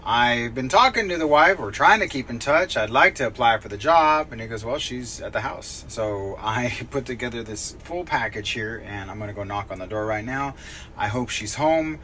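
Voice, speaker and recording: A chatty real estate agent talks to his camera from behind the wheel in a casual vlog. His voice is bright and forceful, and his pitch swoops all over as he jokes at his own expense. Faint road noise hums underneath. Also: moderate pace. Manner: chatty, self-deprecating, animated. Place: in a car.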